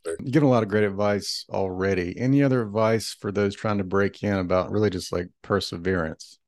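A man's voice: on the low side, brisk, darkish tone, no room sound. A man interviewing an actor, asking questions and giving brief, attentive backchannels.

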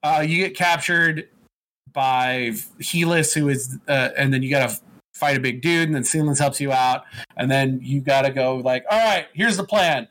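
A man in casual chat, recapping a video game story in a rambling, profane way and dropping into quick put-on voices. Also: mid-range voice, fairly even intonation, a bit bright.

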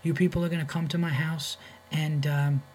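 A man voicing a defiant, furious man taunting angry fans, profane and pitched up. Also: flat delivery, normal speed, a little hiss or hum, natural voice.

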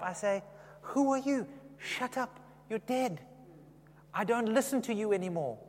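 A man's voice: on the high side, long reverb tail, slight background noise. A man preaching a sermon in a conversational way, often asking the congregation questions.

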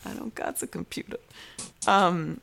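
A woman's voice: lowish voice, a little slow, creaky, a bit bright. A woman guest on a podcast, chatting in a playful, teasing way with frequent laughter. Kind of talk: casual podcast banter.

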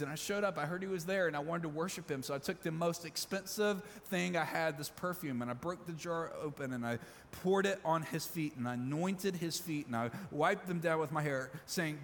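Fairly high-voiced preacher in an echoing hall. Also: male voice, fairly bright tone, a little hiss or hum. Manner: emphatic, repetitive preaching with dramatic pauses. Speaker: pastor. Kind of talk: sermon. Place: church sanctuary. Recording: long reverb of a large hall.

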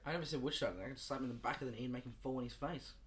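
A young Australian man co-hosting a casual podcast with friends, loud, foul-mouthed and mocking. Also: medium pitch, fairly even intonation, very fast, crowd noise. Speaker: podcast co-host. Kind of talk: casual chat among friends. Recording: noisy home recording.

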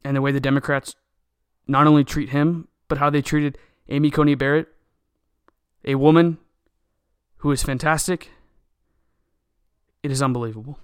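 A man's voice: fairly high pitch, steady tone, normal speed, pauses often, clean tone, no echo, studio quality. A young man delivering a solo opinion rant, agitated and indignant, often repeating words and restarting sentences. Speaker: political commentator.

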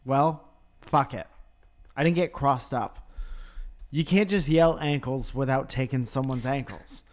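At home in Los Angeles, a man with a medium-pitched voice co-hosts a casual chat show podcast at an unhurried pace. He banters, joking around and telling rambling stories.

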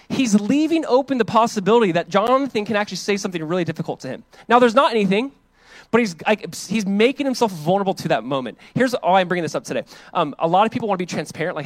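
A man preaching a sermon as pastor, casual and animated, acting out the voices of the people in the passage. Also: high voice, fast, no echo. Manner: animated, acts out quoted voices; casual preaching with many fillers.

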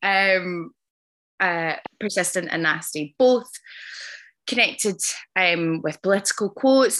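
A woman's voice: on the low side, slow pace, a bit bright. A woman hosting a podcast interview, talking earnestly and effusively with many ums and restarts. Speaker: podcast host. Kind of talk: casual interview chat.

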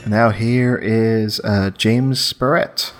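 A man with a slightly low voice hosts a podcast in a relaxed, talkative way. He rambles eagerly with plenty of fillers as he introduces clips. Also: slow, music in the background. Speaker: podcast host. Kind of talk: casual podcast chat and clip introductions.

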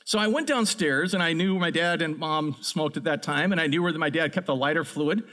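A middle-aged man preaching a sermon, telling a childhood story in an animated, storytelling way. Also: on the high side, brisk. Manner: animated storyteller, builds to excited peaks. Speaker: pastor.

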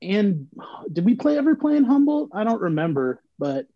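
A man's voice: high voice, very animated, moderate pace, highs cut off. A man reminiscing in casual chat, rambling in a laid-back way with lots of "like.". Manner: laid-back rambling storytelling, heavy use of "like". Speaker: band member recalling band history.

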